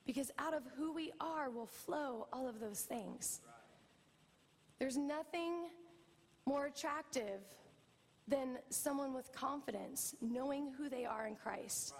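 A middle-aged woman pastor preaching a sermon, telling a family story with lively, animated delivery. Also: high voice, long reverb tail. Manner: storytelling, animated, acts out quoted voices. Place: church.

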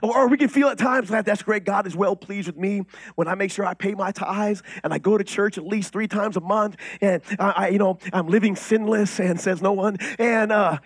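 Preaching pastor, male, high husky voice, dry close sound; conversational delivery with loud and hushed swings. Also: moderate pace, few pauses, no room sound. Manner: animated, swings from loud declarations to quiet intimate asides; conversational, with frequent restarts and rhetorical questions. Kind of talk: sermon.

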